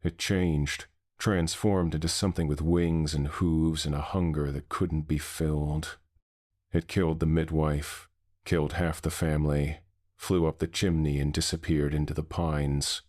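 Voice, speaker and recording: A man's voice: rumbling low, flat delivery, unhurried, a little mellow. A man voicing a frightened, bitter man in his fifties who steadies himself to face a monster. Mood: grim. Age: 50s. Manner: shaky but steadying, bitter. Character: shaken middle-aged man facing a monster.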